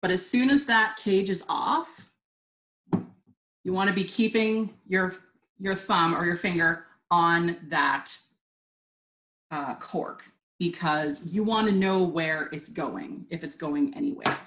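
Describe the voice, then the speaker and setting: A woman's voice: fairly low pitch, slow pace, a bit bright. A woman teaching a live online wine tasting, chatty and upbeat. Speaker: wine instructor. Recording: roomy echo.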